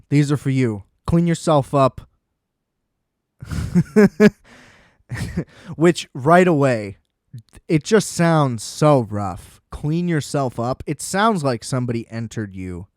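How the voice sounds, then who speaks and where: A man's voice: mid-range voice, no room sound, studio quality. Laughing, self-mocking young man on a podcast. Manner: animated, self-deprecating, acts out quotes with frequent laughs. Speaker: podcast host. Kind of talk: comedic storytelling rant.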